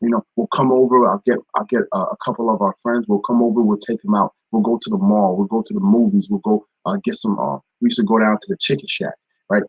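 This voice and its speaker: Man, husky voice, lowish pitch, informal devotional talk, repetitive phrasing. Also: big pitch swings, fast talker, dry recording, lo-fi sound. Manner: informal, repeats phrases, greets viewers by name. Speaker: ministry speaker. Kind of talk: live-streamed devotional talk.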